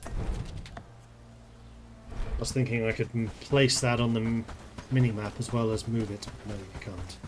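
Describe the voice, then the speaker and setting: A man's voice: lowish voice, little pitch movement, moderate pace, pauses often, background noise. Man musing through a game stream. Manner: musing aloud, playful with wordplay. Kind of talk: casual live-stream gameplay commentary.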